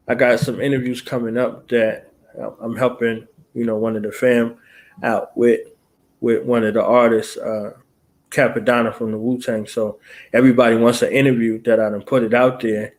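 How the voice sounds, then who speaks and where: A man hosting a radio talk show, chatting in a laid-back, slang-heavy way and telling animated stories. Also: normal speed. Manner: animated storyteller who mimics callers in a higher, louder voice. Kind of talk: casual chat.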